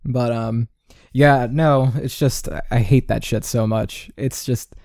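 A man's voice: mid-range voice, fairly even intonation, takes it slowly, gravelly, a little mellow, no echo, studio quality. A man in his twenties hosting a casual solo podcast, rambling and swearing freely, with Spanish words dropped into his talk. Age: 20s. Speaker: podcast host. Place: indoor home recording setup.

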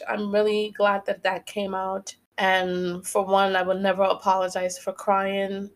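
A woman hosting a podcast, talking earnestly and reflectively on her own, stressing key phrases by repeating them, and at times slowly guiding listeners through breathing. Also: medium pitch, completely flat delivery. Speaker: podcast host. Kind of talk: reflective solo podcast monologue.

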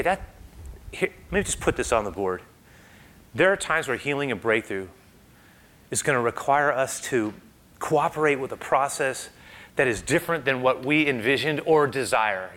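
Bright-voiced, animated man preaching. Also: mid-range voice, normal speed. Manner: conversational, animated storytelling with frequent "right?". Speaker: pastor. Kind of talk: sermon.

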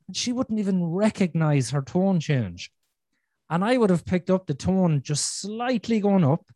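A man's voice: high-pitched, sing-song, moderate pace, warm tone, dry recording. A man hosting a podcast, talking candidly and bluntly, swearing freely and repeating himself for emphasis. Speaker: podcast host. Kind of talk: candid conversational chat.

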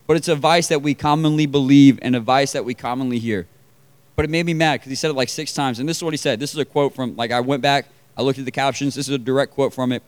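Smooth-voiced young man giving a casual sermon. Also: a little high. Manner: conversational, lots of fillers, asks the crowd questions. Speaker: preacher. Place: meeting room with about forty people.

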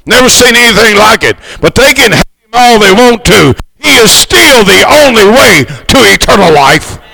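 A missionary preacher from the United States delivers a fervent sermon. He swells to shouts and draws out key words. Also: high-pitched, lively intonation, normal speed, vocal fry, breathy edge, rough recording.

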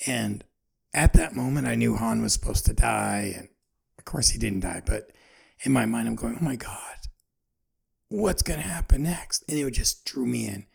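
A man's voice: on the low side, normal speed, vocal fry, slightly rough. A man in his forties, hosting a podcast, talking in a rambling, earnest, self-searching way about his feelings. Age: 40s. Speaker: podcast host. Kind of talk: personal reflective monologue.

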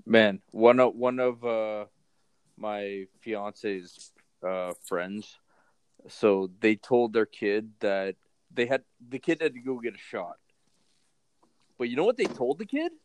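A man's voice: lowish voice, animated, slow, pauses often, clear, resonant tone, no room sound. A man in casual chat, telling a short story in a loose, conversational way.

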